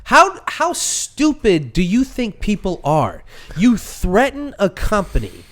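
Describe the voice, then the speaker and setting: Ranting animated male podcast co-host. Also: high voice, slow pace. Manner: ranting, animated, mocking quoted voices. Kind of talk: casual chat.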